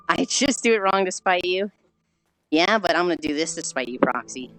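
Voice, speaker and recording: A woman streaming while she walks on a treadmill, sounding squeaky and chipmunk-like through a failing headset mic, sighing often and swearing casually as she greets viewers. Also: moderate pace, fairly bright tone, faint music behind, low-quality recording. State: walking on a treadmill while talking. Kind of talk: casual live-stream chat.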